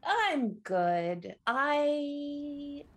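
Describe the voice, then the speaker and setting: A woman's voice: sits high, expressive, very slow, a bit bright. A middle-aged woman on a podcast panel, sounding just woken up, laughing at herself. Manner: drowsy, laughing, self-mocking. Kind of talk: casual chat.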